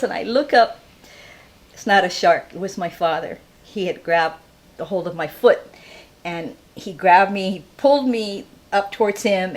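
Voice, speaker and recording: An older woman from Hawaii telling a personal story live, in an animated way, laughing often and acting out the people in it. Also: medium pitch.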